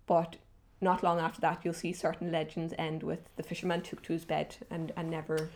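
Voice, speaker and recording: Woman discussing folklore, eager storyteller, low and fairly flat delivery. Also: a little fast, a little hiss or hum. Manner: enthusiastic, retells legends. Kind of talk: academic conversation.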